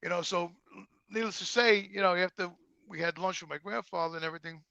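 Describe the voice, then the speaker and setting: A middle-aged man with a thick New York accent spins profane, animated stories. His voice is high and gravelly, and it is recorded close and dry. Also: fast, no room sound, muffled recording. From Brooklyn, New York. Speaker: guest. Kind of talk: casual storytelling.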